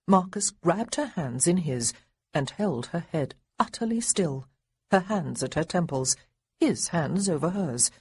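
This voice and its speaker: Husky, expressive woman audiobook narrator. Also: lowish voice. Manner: expressive, lively character dialogue.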